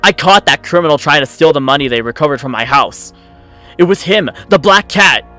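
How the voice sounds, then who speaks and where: A man's voice: a little high, expressive, fairly quick, soft background music. Mister Dolores, a man doing a furious blustering bully. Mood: indignant. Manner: loud, cursing, bullying.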